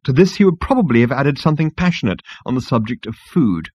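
A man reads a comic story aloud in a wry, expressive manner. His pitch moves lively through each sentence. The recording is dry and a little dull. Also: quick pace, husky, no room sound. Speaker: audiobook narrator. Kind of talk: scripted comic narration.

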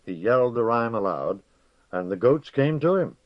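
A man narrating an audiobook in a measured, steady storytelling manner, in a dull lo-fi recording. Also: mid-range voice, dry recording.

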